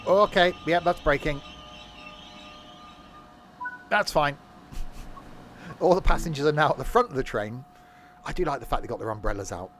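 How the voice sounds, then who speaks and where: A man's voice: fairly high pitch, moderate pace, pauses often, fairly bright tone, faint music behind. A man streaming a train simulator game, chatting casually and joking as he reads his viewers' messages. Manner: joking banter, reading viewers' chat. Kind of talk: casual gameplay commentary.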